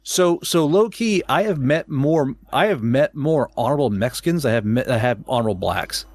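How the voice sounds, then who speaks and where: An Oklahoma man rants heatedly during a casual podcast conversation, swearing a lot and stumbling over repeated words in stuttered restarts. His voice is medium-pitched, darkish and animated, he talks briskly, and there's no echo.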